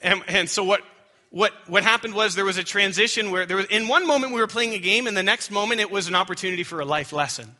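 A young adult man preaching a sermon with animated storytelling that swings high when he gets excited. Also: fast. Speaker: pastor.

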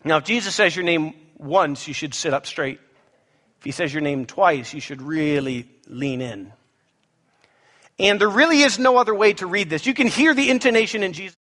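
A man preaching a sermon, with animated, playful asides to the congregation. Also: on the high side, normal speed. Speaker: pastor. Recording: echoey hall with long reverb.

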